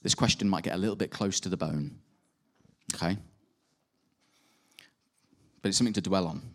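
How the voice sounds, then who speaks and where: Male preacher, relaxed conversational sermon delivery, breaks into lively rhetorical asides. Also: low voice, normal speed.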